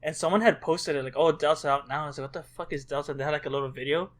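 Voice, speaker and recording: A man co-hosting a podcast in casual chat, telling stories excitably and swearing often. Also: fairly high pitch, racing. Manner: excitable storyteller, swears a lot. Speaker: podcast co-host.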